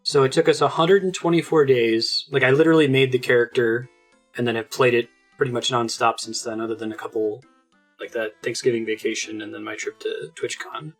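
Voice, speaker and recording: An enthusiastic man gives casual gameplay commentary at a mid-range pitch. He rambles happily with plenty of fillers and restarts. Soft game music plays faintly behind him. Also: steady tone, a little fast. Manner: chatty and enthusiastic, many fillers like "like". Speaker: let's play host.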